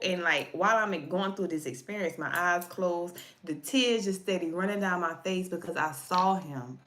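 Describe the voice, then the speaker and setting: A woman with a lowish, slightly bright voice does tarot readings on a casual livestream and tells a story from her own life. She chats away, goes over the same points again, and keeps talking directly to her viewers.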